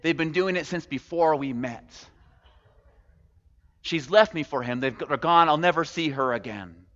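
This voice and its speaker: An insecure little field mouse pleads and worries in a storybook tale, told by a man who leans into the lines. The voice sits a bit high and is plainly pleading. It sounds dull and lo-fi, with a long reverb trailing off the hall walls. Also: a little slow, fairly bright tone. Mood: worried. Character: anxious lovesick male field mouse. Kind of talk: storytelling in a sermon.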